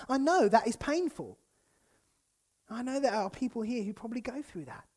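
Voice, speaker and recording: Lively male preacher. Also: high-pitched, fairly quick. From United Kingdom. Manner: lively and conversational, acts out quoted speakers, chuckles often. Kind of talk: sermon. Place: church.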